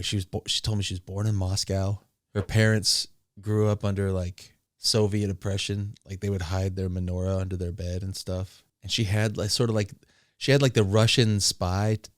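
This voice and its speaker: A streamer with a lowish voice casually tells a long, rambling story full of crude asides and laughter. The recording is dry.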